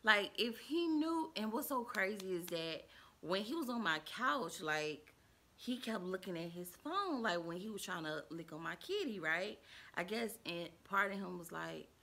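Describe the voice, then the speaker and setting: A woman vlogger tells a personal story to her viewers. Her voice is bright and forceful, and her delivery is dramatic and animated, jumping from loud outbursts to low, hushed asides. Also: unhurried. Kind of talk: storytime vlog.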